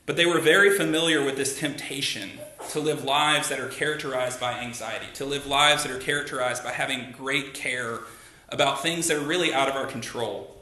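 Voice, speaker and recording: A man's voice: medium pitch, steady tone, brisk, bright, forceful tone. A man pastor giving a sermon in a church, talking conversationally and asking the congregation rhetorical questions. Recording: echoey room.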